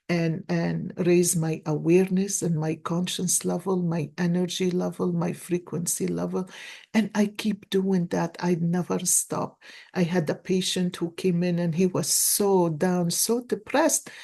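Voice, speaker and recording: Slow, earnest woman in her sixties. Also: fairly low pitch, creaky, breathy edge. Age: 60s. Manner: earnest, animated storytelling with many restarts. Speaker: tarot card reader and life coach. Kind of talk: casual card reading to camera.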